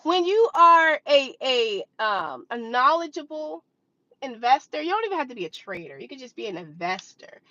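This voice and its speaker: A young woman in her twenties tells her story to the camera in a high, bright voice that swoops up and down. She talks casually and acts out her own reactions with drama. The recording is dry and a little dull. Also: very animated, normal speed, no echo. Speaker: vlogger sharing stock trading experience.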